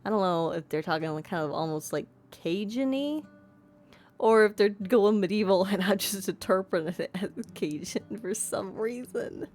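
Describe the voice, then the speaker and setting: A woman's voice: medium pitch, moderate pace, darkish tone, soft background music. A woman streamer narrating a video game, reading its text aloud and breaking off into self-deprecating asides. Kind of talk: let's-play narration and commentary.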